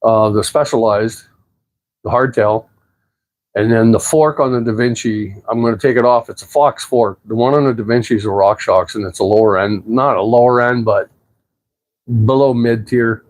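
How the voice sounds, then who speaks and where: A man, chatting casually on a livestream, rambling and relaxed, with plenty of fillers and the odd swear word. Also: mid-range voice, normal speed. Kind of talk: casual livestream chat answering viewers. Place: apartment at home.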